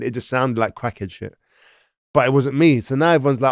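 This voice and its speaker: A man with a London accent tells his story in an interview, voicing the people around him as he goes. The recording is close and dry, with no room sound. His pitch sits in the middle range. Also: brisk, clean tone, no echo. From London, England. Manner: animated, acts out other people's lines. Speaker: interview guest.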